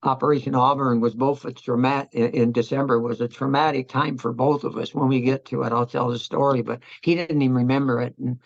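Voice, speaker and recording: Gravelly older man recalling wartime. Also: medium pitch, fairly even intonation, no echo, dull audio. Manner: halting, reflective, many restarts. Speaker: Vietnam veteran interviewee. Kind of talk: oral history interview.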